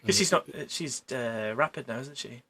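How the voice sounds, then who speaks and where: A man, a paramedic, telling work stories in casual chat, animated and laughing, with the odd swear word. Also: mid-range voice, moderate pace, gravelly, heavy background noise. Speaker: paramedic guest.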